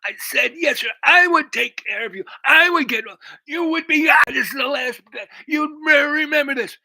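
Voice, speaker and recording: A man voicing a raging male mobster who shouts threats and breaks off mid-sentence. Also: extremely high pitch, moderate pace, no echo, pitched above the performer's own voice, heavily acted.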